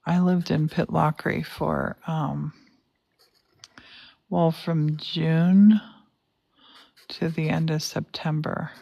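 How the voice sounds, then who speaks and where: A woman chatting in a relaxed way while she paints, hosting the session. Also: low voice, slow pace, vocal fry, long pauses, no room sound. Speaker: painting host. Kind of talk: casual chat while painting.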